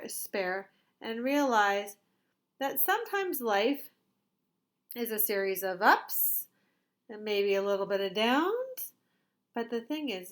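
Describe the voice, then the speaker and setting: A woman teacher talking gently and expressively to young children in a recorded lesson. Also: fairly high pitch. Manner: gentle and expressive, acting out a child's feelings in quotes.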